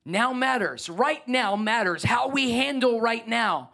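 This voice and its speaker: High-voiced animated male pastor preaching. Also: measured pace, gravelly. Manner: animated, rising to emphatic peaks and joking asides. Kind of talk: sermon. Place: church sanctuary.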